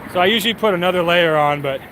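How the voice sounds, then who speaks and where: A man's voice: sits high, very fast, background noise. A man streaming and answering chat, telling a story in a casual, rambling way full of fillers. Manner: rambling, filler-heavy, animated retelling.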